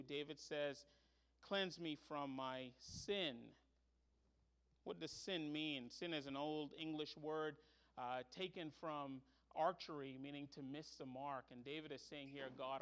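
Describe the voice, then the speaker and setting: High-voiced man preaching with fervor. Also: a bit bright. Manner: earnest preaching, rising to emphatic pleading. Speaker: pastor. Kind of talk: sermon.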